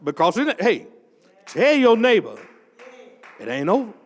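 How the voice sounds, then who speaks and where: An older man, preaching a testimony sermon as associate pastor and telling a story that builds up into shouting. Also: sits high, a little slow, long reverb tail. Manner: animated storytelling, swells into shouting.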